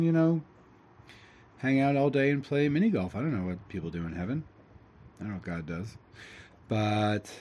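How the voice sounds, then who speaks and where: A man's voice: medium pitch, dark tone. A man giving a casual spiritual talk, rambling and reflective, with many fillers. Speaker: host telling a spiritual story.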